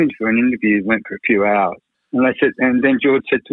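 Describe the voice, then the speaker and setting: A man's voice: mid-range voice, brisk, no room sound. A man, a record producer, telling rambling, frank stories in a radio interview, full of "you know" and the odd swear. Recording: tinny phone-like radio line.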